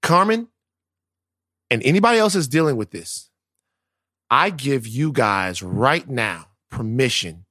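A man's voice: medium pitch, very animated, a little slow, long pauses, fairly bright tone, no room sound, clean studio sound. A man, co-hosting a podcast in casual, profane, joking banter. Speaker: podcast co-host.

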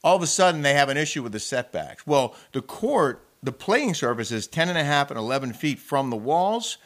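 A man's voice: fairly high pitch, sing-song, a little fast. A man co-hosting a casual talk show, telling a story with building indignation. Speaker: show co-host. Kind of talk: casual chat.

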